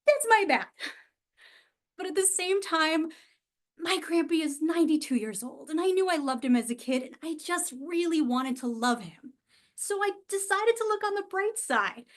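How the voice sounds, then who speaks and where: A woman giving a humorous storytelling speech, wry and self-mocking, with dramatic pauses and sighs. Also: very high-pitched, animated. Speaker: club speaker. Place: event hall.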